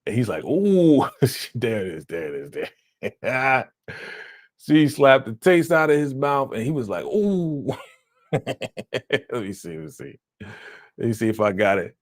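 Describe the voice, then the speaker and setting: A man hosting a casual live-stream reaction, animated and laughing, acting out quotes in a raised voice. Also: mid-range voice, a little slow, long pauses, no room sound, clean studio sound.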